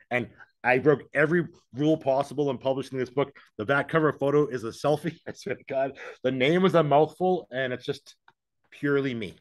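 A man's voice: medium pitch, a little fast. A man being interviewed as an author, talking frankly and in a rambling, self-deprecating way over a video call. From English-speaking, living in Mexico. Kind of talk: candid conversational interview.

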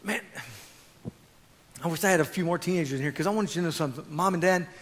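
High-voiced preaching man in a reverberant hall. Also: fast talker. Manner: preaching with big swings from quiet asides to loud exhortation. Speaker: pastor. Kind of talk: sermon.

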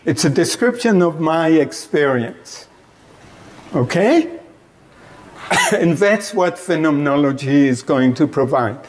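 A man giving an academic lecture in a meditation center classroom, deliberate and explanatory, often checking in with the audience. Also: on the high side, very animated, slight background noise. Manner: deliberate, checks in with "Okay?", light chuckles.

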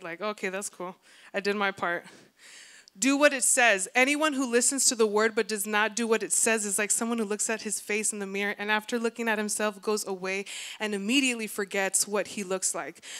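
A woman pastor giving a lively, conversational sermon, acting out little asides to the congregation. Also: mid-range voice. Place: church.

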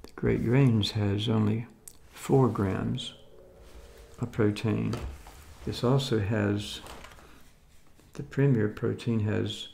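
A man's voice: on the low side, fairly even intonation, slow, vocal fry, mellow, slight background noise. A man in his seventies from the United States, showing off his groceries in a rambling, folksy way with mildly skeptical asides. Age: 70s. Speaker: food vlogger. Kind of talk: casual grocery haul show-and-tell.

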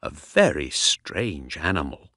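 A man reading an audiobook voices a calm, steady male traveler. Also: extremely low pitch, slow pace, no room sound, clean studio sound, voice pushed down, full character voice.

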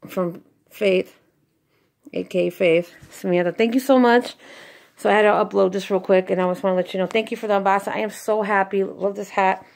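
A young woman vlogging an unboxing, excited and gushing, thanking the sender over and over. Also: mid-range voice, fairly quick, creaky. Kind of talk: casual unboxing vlog.

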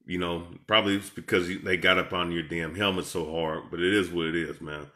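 Man, heated reaction commentary, profane, confrontational, forceful bright tone, a bit low. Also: steady tone, fairly quick. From Seattle, USA. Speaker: online preacher and commentator.

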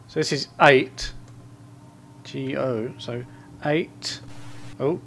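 Gravelly-voiced man muttering through a horror game. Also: medium pitch, a bit bright. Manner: muttering asides, reads notes aloud in quick bursts. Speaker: gameplay commentator.

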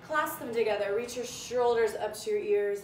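A fairly high, slightly mellow female voice at normal speed belongs to a young fitness instructor streaming a home workout by phone. She counts down reps, greets viewers by name, and is breathless from following along, with the distant mic catching echo and slight background noise.

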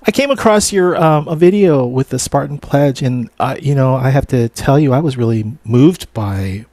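A man hosting an interview, asking questions in a halting way as he searches for words. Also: mid-range voice, animated, dark tone, no room sound. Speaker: interview host.

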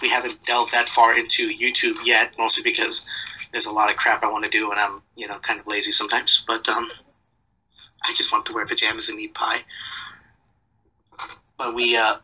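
A man's voice: lowish voice, flat delivery, moderate pace, bright, forceful tone, breathy edge, poor audio. A young man chatting as a podcast guest, rambling and joking in a self-deprecating way. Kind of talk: casual chat.

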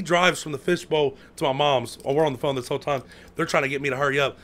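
An American man telling a story in casual chat, full of slang, who acts out quotes with sudden loud outbursts. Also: on the high side, fairly even intonation, quick pace. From United States. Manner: heavy slang, lots of "bro" and "like".

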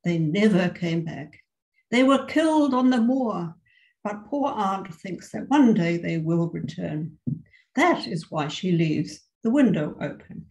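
Young niece, composed, spins a dark story in a gravelly read-aloud voice, woman reading. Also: lowish voice, lively intonation, slow pace, poor audio. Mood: eerie, earnest. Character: calm young woman telling a grim tale.

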